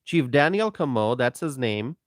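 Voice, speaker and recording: A man hosting a political commentary live stream, talking in a slow, emphatic way, repeating himself and greeting viewers by name. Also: mid-range voice, lively intonation, no room sound, clean studio sound.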